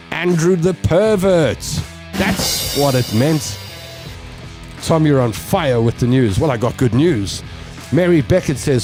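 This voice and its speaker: A man's voice: fairly high pitch, a little slow, soft background music. A South African man hosting a comedy talk radio show, joking through listener messages and slipping into Afrikaans. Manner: animated, jokey, breaks into voices and laughter; mixes English with Afrikaans.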